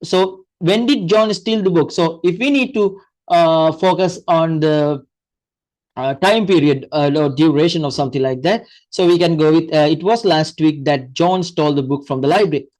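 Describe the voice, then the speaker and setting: A man's voice: fairly high pitch, moderate pace, darkish tone, rough recording. A man teaching an English grammar lesson, explaining step by step with frequent fillers, restarts and repeated examples.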